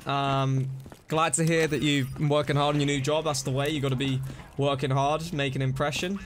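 A young man streaming a zombie game, chatting excitedly to his viewers and reacting to what happens. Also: medium pitch, moderate pace, slight background noise. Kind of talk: casual live-stream commentary.

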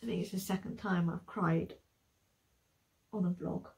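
A woman's voice: fairly low pitch, fairly even intonation, unhurried, darkish tone. A young woman book vlogger reacting aloud as she reads, emotional and close to tears. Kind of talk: reading vlog commentary.

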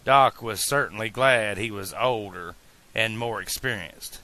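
Guy reading a fan audiobook, bright sharp voice, pace speeds up and slows down. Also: lowish voice. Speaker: audiobook narrator. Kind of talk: amateur audiobook narration.

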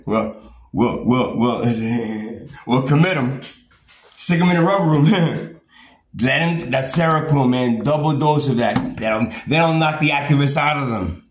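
A man with a medium-pitched voice rants slowly and angrily about his own experiences. He swears often, trips over repeated words and breaks into bitter laughs, recorded with a roomy echo and faint background noise.

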